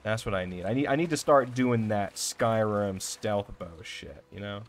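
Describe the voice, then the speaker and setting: A young man giving casual, excitable gameplay commentary, swearing often and talking to himself as he plays. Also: fairly low pitch, normal speed. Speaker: let's play gamer.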